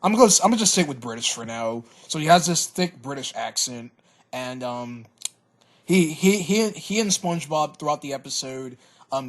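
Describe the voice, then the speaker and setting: A man giving a casual cartoon episode review, hesitant, often repeating words and filling pauses. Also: mid-range voice. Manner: hesitant, stammers and repeats words, many fillers.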